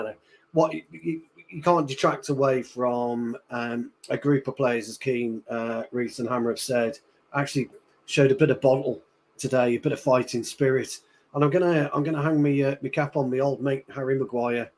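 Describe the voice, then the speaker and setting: Blunt, buzzing football fan. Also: male voice, medium pitch, fairly even intonation, moderate pace, darkish tone, slight background noise. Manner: blunt, buzzing, swears casually. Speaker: podcast panelist. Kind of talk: casual match-reaction chat.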